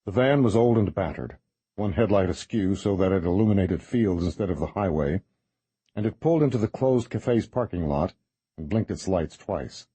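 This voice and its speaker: A man reading a horror novel as narrator in a measured, even way. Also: deep voice, slightly rough, no echo. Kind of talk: scripted audiobook narration.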